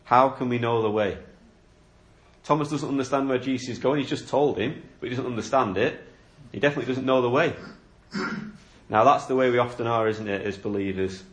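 A man's voice: mid-range voice, quick pace. A man preaching a sermon, explaining a Bible passage in an earnest, questioning way. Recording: echoey room.

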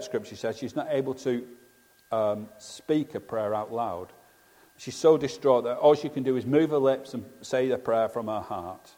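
A man's voice: medium pitch, dark tone. A man preaching a sermon in an earnest, conversational way, often asking rhetorical questions. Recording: long hall reverb.

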